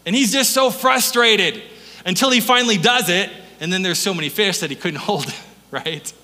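A man preaching a sermon as pastor, telling a story in an animated way, acting out voices and laughing often. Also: high voice, moderate pace, big-room sound.

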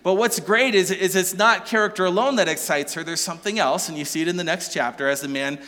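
A man preaching a sermon, animated and joking, asking the listeners question after question. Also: sits high, fast talker, big-room sound. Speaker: pastor.

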